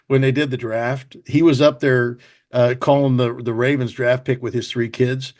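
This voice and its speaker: A man's voice: medium pitch, flat delivery, moderate pace, a little mellow. A man with a Pittsburgh accent co-hosting a casual sports podcast, teasing his partner and prompting him with questions. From Pittsburgh area. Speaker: podcast co-host.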